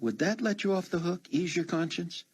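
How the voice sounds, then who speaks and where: A man's voice: sits high, moderate pace, slightly rough, voice pushed up. A man voicing a hurt, guarded grown woman in conversation. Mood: wary.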